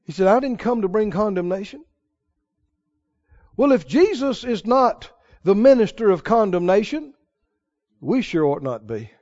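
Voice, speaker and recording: A male preacher with a very high, lively voice that swings all over the place. He tells his stories in a folksy way and then presses his point hard. The recording is dull and lo-fi. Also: measured pace, long pauses. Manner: folksy storytelling, rising to emphatic exhortation. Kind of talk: sermon.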